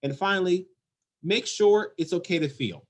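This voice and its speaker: A man's voice: high-pitched, moderate pace. A man who runs an emergency call center, giving an earnest, emphatic leadership talk and repeating his key points. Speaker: 911 center executive director.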